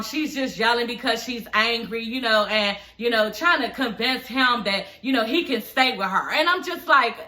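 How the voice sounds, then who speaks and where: Woman, high voice, bright tone, animated profane reaction recap, dental aligners in. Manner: animated, profane, talks straight to viewers. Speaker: YouTube reality TV reviewer.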